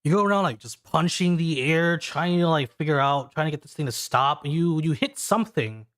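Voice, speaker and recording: A man's voice: on the high side, animated, fairly bright tone, dry recording, clean studio sound. Man narrating as game master. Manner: descriptive, halting with fillers.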